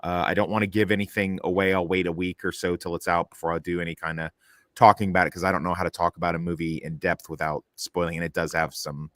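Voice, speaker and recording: Rambling low-voiced man reviewing films. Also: fast talker, no room sound. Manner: rambling, animated, with many fillers and restarts. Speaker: panelist. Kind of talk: casual film review chat.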